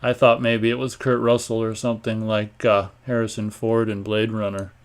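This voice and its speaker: A man hosting a live online show, chatting casually and reading viewer comments aloud in a rambling, offhand way, often clearing his throat. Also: fairly low pitch, monotone, moderate pace. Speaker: host of a live online radio stream.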